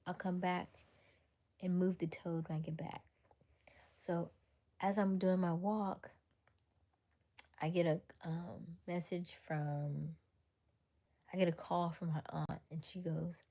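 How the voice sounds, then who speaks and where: A woman from Florida hosting a livestream, telling a story in a chatty, animated way, jumping into high squeals when she quotes people. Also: moderate pace. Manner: chatty with frequent fillers and restarts. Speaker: livestream host.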